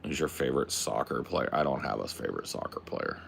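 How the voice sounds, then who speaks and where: Very deep, gravelly laid-back man. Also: expressive, brisk, fairly bright tone, slight background noise. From Pacific Northwest. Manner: laid-back, slangy, swears a lot. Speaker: streamer. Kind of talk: casual livestream chat.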